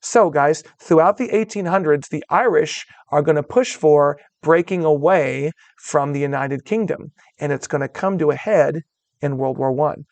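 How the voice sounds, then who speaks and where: A man's voice: fairly high pitch, normal speed, a little mellow, dry recording, lo-fi sound. A man teaching a history lecture in a conversational way, calling his students "guys" and checking in with "all right?" as he goes. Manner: acts out voices of historical groups in quotes. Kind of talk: recorded classroom lecture.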